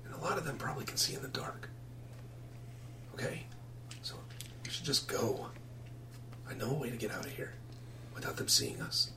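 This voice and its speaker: A frightened young boy whispers urgent pleas in a tabletop whispered role-play, as the game master puts him on. His hushed voice sits far from the mic over a steady noise bed. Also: medium pitch, normal speed, long pauses, lightly acted. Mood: urgent, pleading. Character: scared young boy, secretive and pleading. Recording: distant noisy mic.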